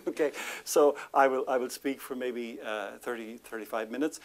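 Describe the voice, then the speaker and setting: A man of ordinary pitch delivers an informal lecture to a live audience. His talk is chatty and full of self-deprecating asides and small laughs. He leans hard on each item when he runs through a list of words. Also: moderate pace. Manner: chatty, laughs often between remarks.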